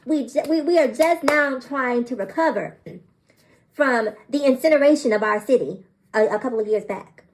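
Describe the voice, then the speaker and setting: A woman vlogger with a slightly high voice, speaking straight to her audience. She is animated and emphatic, hammering points home by repeating them. Her tone is incredulous, and she breaks into disbelieving laughs. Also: moderate pace, low-quality recording. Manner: emphatic, repeats phrases for effect. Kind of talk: direct-to-camera commentary.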